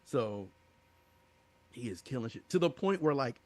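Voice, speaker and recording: A man co-hosting a gaming podcast, telling stories in a casual, animated way and acting out other people's lines. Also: medium pitch, unhurried, dry recording. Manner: animated, laughing, acts out quoted voices. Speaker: podcast co-host. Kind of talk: casual storytelling chat.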